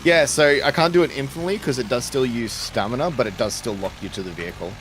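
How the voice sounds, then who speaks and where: A man's voice: mid-range voice, fast talker, slight background noise. Casual male gaming streamer. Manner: chatty, laughs often while playing. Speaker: streamer co-host. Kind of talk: casual gaming livestream chat.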